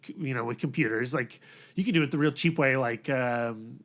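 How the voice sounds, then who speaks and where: A man's voice: medium pitch, normal speed, fairly bright tone. A man co-hosting a movie podcast in casual chat, rambling and hesitant, full of fillers and restarts. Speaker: podcast co-host.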